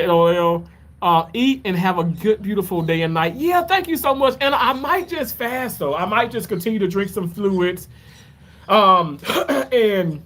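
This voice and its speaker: A man's voice: fairly high pitch, fairly bright tone. A man chatting on a live stream, rambling and heartfelt, thanking viewers again and again. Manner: rambling, heartfelt, repeats his thanks often. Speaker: livestreamer answering chat. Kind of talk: casual live stream chat.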